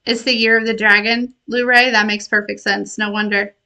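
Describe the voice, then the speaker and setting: A woman's voice: medium pitch, little pitch movement, normal speed, sharp tone, rough recording. A woman giving a casual spiritual message to her viewers as a tarot reader, rambling and laughing often, with an affectionate manner. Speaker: tarot reader and intuitive healer.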